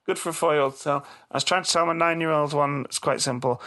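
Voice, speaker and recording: A man's voice: fairly high pitch, steady tone, fast talker, sharp tone. A man in his thirties co-hosting a casual podcast chat, joking and laughing often. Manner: jokey, laughs often, repeats phrases. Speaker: podcast co-host.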